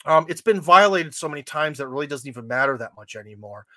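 Higher-voiced American man, dry sound. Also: lively intonation, quick pace, sharp tone, no room sound. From United States. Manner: loose, rambling, wry asides. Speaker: podcast host. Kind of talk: casual chat.

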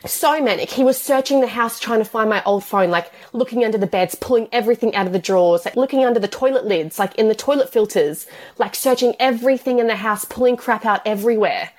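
A woman's voice: fairly high pitch, quick pace, darkish tone. A woman, telling her story as an interview guest in long, tumbling run-on sentences full of "like". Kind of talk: emotional personal interview.

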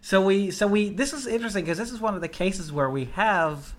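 A man's voice: high-pitched, lively intonation, fairly quick. Rambling man, podcast co-host. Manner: rambling, restarts, acts out reactions. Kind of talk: casual chat.

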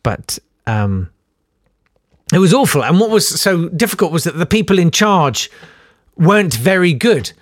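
A man's voice: high-pitched, big pitch swings, measured pace, no echo. A middle-aged man with a posh southern English accent, telling a rambling, dry, self-deprecating story and hesitating often. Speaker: comedian. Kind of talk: rambling anecdotal monologue.

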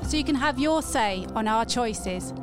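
A woman reads a scripted podcast outro in a clear, steady voice pitched slightly high. Music plays clearly behind her. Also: unhurried.

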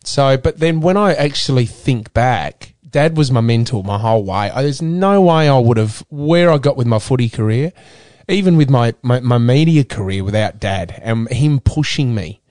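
Middle-aged Australian male guest; candid, earnest, stumbles and restarts, mid-pitched voice. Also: expressive, darkish tone, no room sound, clean studio sound. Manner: earnest, halting with repeated restarts. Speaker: guest, former footballer and radio presenter. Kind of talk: candid interview.

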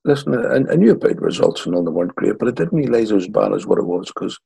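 A man in his sixties from Northern Ireland with a Northern Irish accent, telling lively stories as an interview guest. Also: on the low side, fast talker, creaky, slightly rough, no room sound, rough recording. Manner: lively yarn-spinner acting out quotes. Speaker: guest, former footballer. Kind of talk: anecdotal storytelling.

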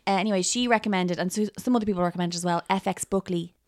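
A woman's voice: on the low side, rapid-fire, no room sound, studio quality. A woman co-hosting a podcast in a jokey, playful chat. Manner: jokey, playful, fond of silly voices. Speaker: podcast co-host. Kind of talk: casual chat.

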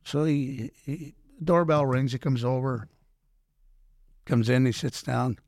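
An older man, a former pro hockey player telling animated stories in an interview, acting out quoted dialogue and often restarting his sentences. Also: medium pitch, slow pace, dry recording. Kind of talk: storytelling in a podcast interview.

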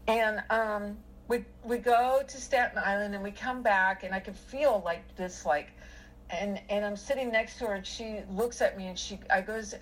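A woman's voice: medium pitch, moderate pace, a little hiss or hum, poor audio. A middle-aged woman telling a personal story in casual conversation, rambling with many fillers and restarts.

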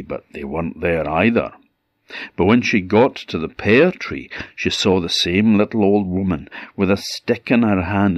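A man with an Orkney Scottish accent telling a folk tale in a lively, expressive way. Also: deep voice, no room sound, muffled recording. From Orkney, Scotland. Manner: lively, expressive, drawn-out words. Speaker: storyteller.

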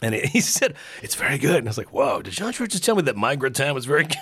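Lively, husky man telling stories. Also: on the high side, fast, hardly any pauses. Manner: animated storyteller, acts out quotes, laughs often. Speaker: podcast guest, burger expert. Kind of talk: casual interview chat.

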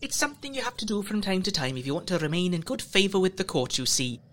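A man's voice: high voice, sing-song, fast, a bit bright, voice pushed up. A man voicing a cruel, chatty trickster ranger who tells stories gleefully and slips into other people's voices. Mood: breezy. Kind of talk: audio drama acting.

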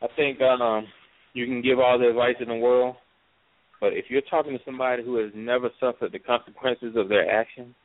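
A man's voice: mid-range voice, steady tone, brisk. A man on a talk radio panel, speaking earnestly and emphatically. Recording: tinny dry phone-like sound.

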